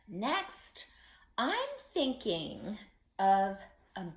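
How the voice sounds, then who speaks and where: Slow, sing-song woman teaching kids. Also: lowish voice, expressive. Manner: slow, deliberate, repeating each step for kids to echo. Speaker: children's teacher. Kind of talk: children's phonics lesson.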